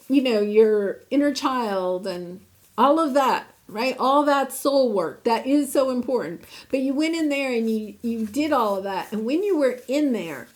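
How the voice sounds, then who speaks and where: A woman giving a casual weekly tarot reading, chatty and enthusiastic. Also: fairly high pitch. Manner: warm, enthusiastic, chatty with laughs. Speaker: tarot reader.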